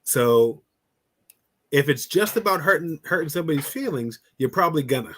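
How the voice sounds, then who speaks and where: A man coaching on relationships in a casual podcast talk, blunt and animated, acting out little scenes and swearing freely. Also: a little high, normal speed, a little hiss or hum.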